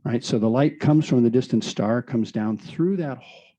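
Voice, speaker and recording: A man's voice: mid-range voice, normal speed, warm tone, rough recording. A man giving an enthusiastic explanatory presentation, explaining through rhetorical questions.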